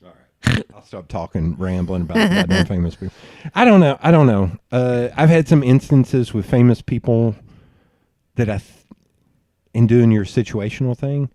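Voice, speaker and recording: A man hosting a podcast, telling rambling stories in a loose, profane, animated way. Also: medium pitch, moderate pace, no echo, clean studio sound. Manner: animated, profane, rambling storyteller who bursts into laughs. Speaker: podcast host. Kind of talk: casual storytelling chat.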